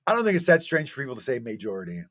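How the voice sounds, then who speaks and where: A man's voice: medium pitch, huge pitch swings, very fast, fairly bright tone. A man co-hosting a casual chat show, stammering and defending himself against teasing. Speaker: podcast co-host.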